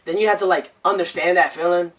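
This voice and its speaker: A young man hosting a casual podcast, his voice worn out and hoarse, talking loosely with frequent restarts. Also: high voice, steady tone, quick pace, fairly bright tone, far from the mic. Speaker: podcast host.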